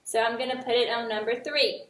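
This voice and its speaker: A woman teaching young children a remote lesson, speaking slowly and encouragingly, with each word clearly enunciated. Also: fairly high pitch, steady tone, fairly bright tone, echoey room. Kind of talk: early-years remote lesson.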